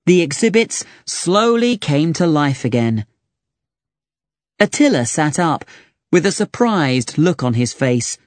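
Slow storybook reader, lively voice, dry close sound. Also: mid-range voice, dry recording. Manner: slow, expressive. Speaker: narrator. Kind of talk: storybook reading.

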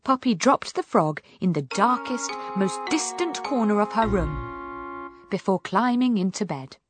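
A woman reading a fairy tale aloud, slow and expressive, over background music. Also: mid-range voice. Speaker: storyteller. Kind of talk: storybook reading. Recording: music playing behind.

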